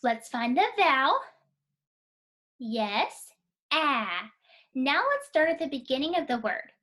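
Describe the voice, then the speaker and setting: Woman teacher doing phonics for little kids, high voice, super slow and clear, very encouraging. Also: expressive, a bit bright. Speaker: kindergarten teacher. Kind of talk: phonics lesson for young children.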